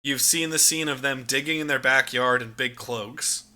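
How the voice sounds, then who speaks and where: A man co-hosting a podcast, chatting casually about a movie, animated and laughing often, with plenty of swearing. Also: medium pitch, moderate pace. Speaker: podcast co-host. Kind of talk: casual movie review chat.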